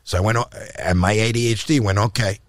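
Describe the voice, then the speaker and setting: A man's voice: quick pace, no room sound, studio quality. An older man from Canada, a podcast guest, telling stories in conversation, acting out quoted lines and often repeating and restarting words. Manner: animated, acts out quoted lines with rising pitch. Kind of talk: anecdotal storytelling in conversation.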